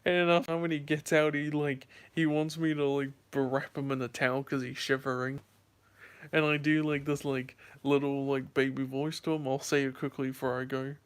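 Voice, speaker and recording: A man's voice: mid-range voice, little pitch movement, normal speed, smooth. A sleepy young man vlogging, telling a rambling story to his viewers with lots of fillers and restarts. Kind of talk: casual storytelling to camera.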